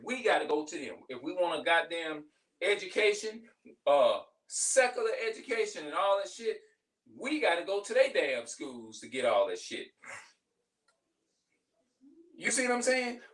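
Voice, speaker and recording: A man's voice: high-pitched, sing-song, normal speed, pauses often, a bit bright, recorded from a distance. A middle-aged man venting in a heated, profane, rambling monologue, repeating himself as he goes. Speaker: vlogger.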